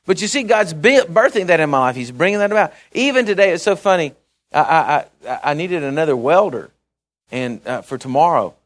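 A man with a notably high voice preaches a conversational sermon, reading scripture between stories. He speaks earnestly in short bursts, restarting phrases and checking that the congregation is following him. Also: sing-song, a little fast.

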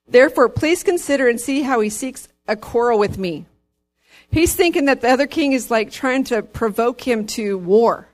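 A woman's voice: on the high side, animated, normal speed. Chatty woman teaching from scripture. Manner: conversational, with fillers, reads scripture aloud. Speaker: bible study leader. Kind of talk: informal bible teaching.

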